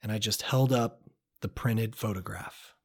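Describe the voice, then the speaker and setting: A man reading his own first-person travel story aloud in a reflective, measured, quietly earnest way. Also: lowish voice, slightly rough.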